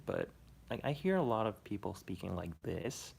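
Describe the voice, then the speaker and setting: A man's voice: mid-range voice, sing-song, normal speed, vocal fry. A man from Korea speaking English in a mix of American and Korean accents, chatting casually and jokily with viewers on a livestream. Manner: chatty, answers chat, jokey. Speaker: livestream host. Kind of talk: casual live-stream chat with viewers.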